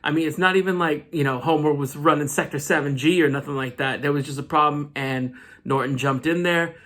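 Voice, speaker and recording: A man's voice: fairly high pitch, steady tone, brisk, fairly bright tone. Male comic vlogger, casual recap, playful slangy commentary. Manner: joking, slangy asides. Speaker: comic book reviewer.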